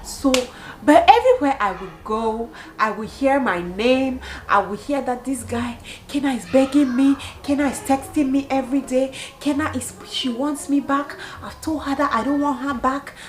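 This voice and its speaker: A young woman from Cameroon in her twenties, telling a storytime vlog with animated storytelling and bursts of laughter. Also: sits high, normal speed, hardly any pauses, low-quality recording. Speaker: vlogger.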